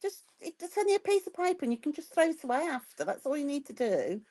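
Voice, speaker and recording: A woman with a Birmingham accent and a slightly higher voice chats casually as co-host of a craft stream. She passes on viewer comments and gently encourages people to try things. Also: sing-song, fast. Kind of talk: casual live-stream chat.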